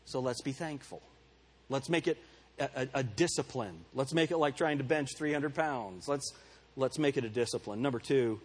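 A man preaching in a husky, slightly breathy voice, talking with his church congregation. He is candid and self-deprecating, and he calls out people by name as if chatting with them. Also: mid-range voice, normal speed. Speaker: pastor. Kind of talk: sermon. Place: church service before a congregation.

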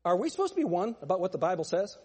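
A man preaching a sermon as pastor, emphatic and pointed, asking the congregation rhetorical questions and building to shouts. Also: high-pitched, very animated, racing, slightly rough.

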